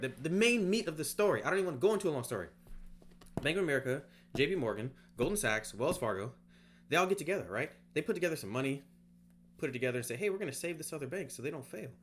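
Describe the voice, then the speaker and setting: A man's voice: mid-range voice, fairly bright tone, slight background noise. A man explaining off the cuff at home, rambling and conversational, tossing in "right?" as he goes. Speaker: online course creator. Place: home, by a bed.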